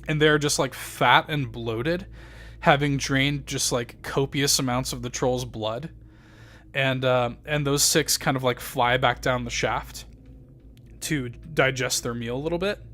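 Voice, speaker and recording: A man's voice: medium pitch, unhurried, fairly bright tone. A man running a tabletop game as game master, narrating loosely with many fillers and casual swearing.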